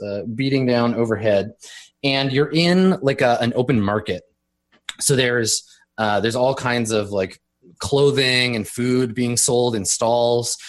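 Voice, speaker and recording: A man running a tabletop role-playing game as game master. His narration is casual and rambling, full of fillers and restarts as he sets each scene. His voice sits at a middling, ordinary pitch.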